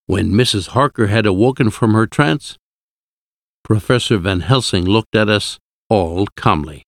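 Male audiobook narrator, deep-ish, measured, dry recording. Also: no room sound. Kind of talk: audiobook reading of a classic novel.

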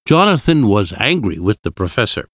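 A male narrator reads an audiobook in a steady, even voice. His pitch sits low, and the recording is close and dry. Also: moderate pace, no echo. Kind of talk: scripted narration.

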